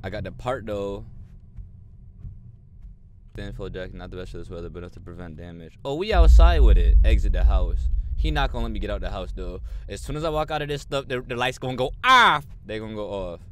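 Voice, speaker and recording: A man commentating a horror game, swinging between mumbled slangy banter and loud frightened shouts. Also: fairly low pitch, animated, brisk, a little hiss or hum. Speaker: gamer playing a horror game. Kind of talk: let's play commentary.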